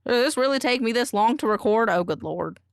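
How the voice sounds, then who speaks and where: Goofy, lively woman streamer chatting. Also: a little high, brisk, dry recording, studio quality. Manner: goofy, playful, teasing chat. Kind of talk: casual live-stream chat. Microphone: desk microphone.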